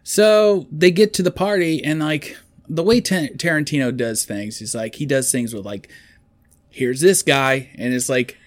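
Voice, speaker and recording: A man's voice: on the high side, no room sound. A man chatting casually, retelling a movie plot in a rambling, storytelling way. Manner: rambling storyteller, quick quotes of characters.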